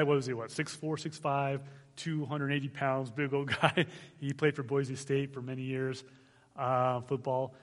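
A man in his forties from Arizona, a guest missionary speaker giving an animated testimony to a church, laughing as he tells it. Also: medium pitch, long reverb tail. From Arizona, United States. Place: church sanctuary.

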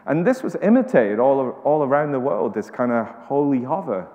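A man's voice: medium pitch, very animated, normal speed. Man, sermon, conversational, restarts often, echoey hall, slightly muffled sound. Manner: conversational, frequent restarts and repeated words. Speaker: preacher.

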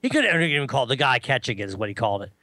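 Man, casual talk-show chat, animated storyteller, dry close sound. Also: rapid-fire, no room sound. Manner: animated storyteller, mimics others in a high voice.

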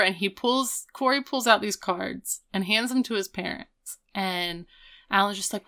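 A young adult woman co-hosting a podcast, retelling an episode in a fast, casual way full of "like" and acted quotes. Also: medium pitch, pushed and bright. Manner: rapid, filler-heavy retelling with acted quotes. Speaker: podcast co-host.

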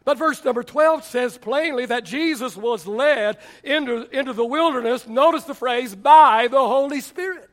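A man's voice: very high voice, moderate pace, hardly any pauses. A man preaching a sermon as pastor, telling stories and acting out the people he quotes. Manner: animated storytelling preacher, acts out quotes.

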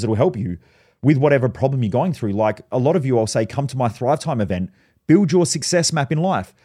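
A man's voice: mid-range voice, dark tone. A man, hosting a podcast and giving a blunt motivational monologue full of swearing and personal stories. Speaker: podcast host.

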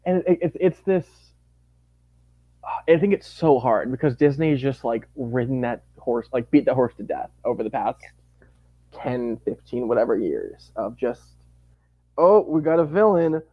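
A man talking as a podcast guest in casual chat, animated and gushing, acting out quotes. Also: medium pitch, measured pace, breathy edge, dry recording, lo-fi sound.

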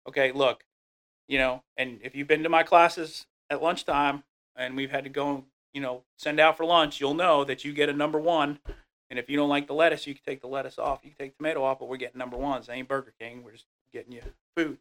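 A man's voice: mid-range voice, fast talker. A middle-aged man in casual conversation, telling leadership stories and acting out the people he quotes. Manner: animated storyteller, acts out quoted voices. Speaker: guest speaking on leadership.

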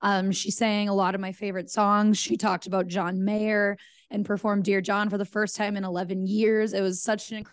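A woman co-host with a hoarse, scratchy voice, telling stories in an animated rush. Her voice stays mid-pitched, and the sound is dry and close. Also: normal speed, no echo. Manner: animated storyteller. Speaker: podcast co-host. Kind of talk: casual podcast chat. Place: remote from an ice arena.

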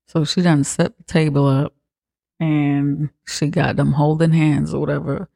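A man's voice: fairly high pitch, steady tone, moderate pace, gravelly, warm tone, breathy edge, no echo, studio quality. A man hosting a comedy podcast, retelling a horror film in a slangy, profane, laughing way. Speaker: podcast host. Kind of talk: comedic movie recap.

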